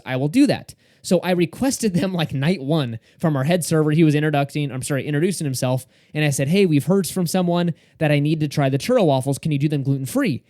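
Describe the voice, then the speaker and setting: A young podcast co-host with a higher, dark-toned voice tells a story in casual chat, acting out the quoted dialogue. The sound is clean studio audio with no echo.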